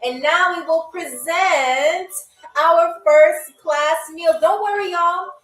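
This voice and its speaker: A woman's voice: very high voice, slow, a bit bright, reverberant, far from the mic, low-quality recording. A woman hosting a live-stream game show, playful and chatty, talking straight to her viewers.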